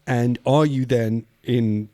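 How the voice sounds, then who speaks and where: A man's voice: medium pitch, steady tone, slow pace, mellow, no room sound. A man from the UK, a podcast co-host, talking through ideas in casual discussion and reading quotes aloud. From United Kingdom. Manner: thoughtful, reads quotes aloud, frequent restarts.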